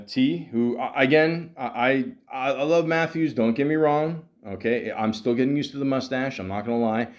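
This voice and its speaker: Hockey is the topic for this middle-aged Canadian man, who hosts a podcast in a medium-pitched, darkish voice. He rambles, swears a lot, and keeps using fillers and restarting his sentences.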